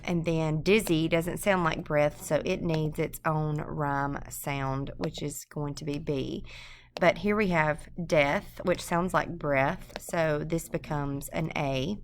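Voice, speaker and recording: A woman teaches a poem in a recorded screencast, talking at an unhurried, deliberate pace. Her voice sits low with a gravelly edge, and she fills pauses with ums and restarts. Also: a little hiss or hum. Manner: unscripted, many ums and restarts. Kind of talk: screencast poetry lesson.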